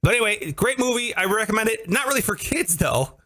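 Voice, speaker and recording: Dude hosting a podcast, high bouncy voice, jokey, kinda bright. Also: male voice, a little fast. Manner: animated, jokey, asks questions. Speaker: podcast co-host. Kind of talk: casual chat.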